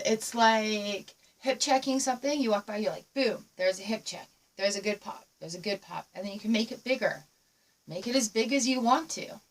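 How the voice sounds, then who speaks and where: A woman's voice: on the high side, recorded from a distance. A woman teaching a dance lesson from home, upbeat and encouraging, counting out the moves as she goes and a little out of breath. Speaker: dance instructor. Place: room at home with a squeaky floor.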